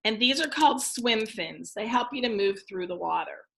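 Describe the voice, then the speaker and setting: A woman teacher giving a recorded phonics lesson to young children, speaking in an encouraging way and enunciating each word clearly. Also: mid-range voice, lively intonation, normal speed, a bit bright, a little hiss or hum. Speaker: elementary school teacher.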